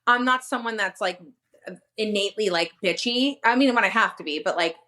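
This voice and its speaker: A woman guest on a podcast, talking bluntly and profanely in casual chat, quick to agree emphatically. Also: mid-range voice, pushed and bright.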